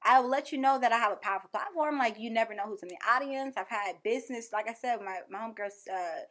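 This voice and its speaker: A woman's voice: a little high, fast talker. A young woman, a guest telling candid, playful stories in casual chat. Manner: lively, candid, playful storytelling.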